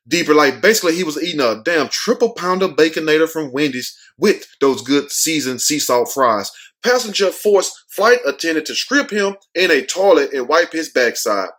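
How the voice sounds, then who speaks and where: Man, comedic news commentary, profane and joking, fairly high voice. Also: fairly bright tone. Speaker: show host.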